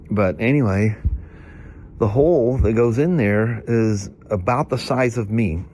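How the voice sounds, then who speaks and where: A man's voice: on the low side, a little mellow, slight background noise. A middle-aged man vlogging, a stuffy-nosed storyteller with a chatty, folksy manner who rambles and laughs through his stories. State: congested from hay fever.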